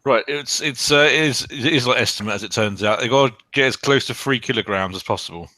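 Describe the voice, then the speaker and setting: A man's voice: medium pitch, fast talker, bright, forceful tone, no echo. A man co-hosting a casual watchalong commentary, explaining the game rules. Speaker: co-host.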